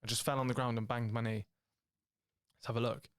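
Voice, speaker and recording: A man's voice: medium pitch, fairly quick, clear, resonant tone. A man in his late thirties with a British English accent, telling a rambling, profane story on a podcast and acting out the people in it. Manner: rambling, profane, animated storytelling with acted-out quotes. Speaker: podcast co-host. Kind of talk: casual storytelling chat.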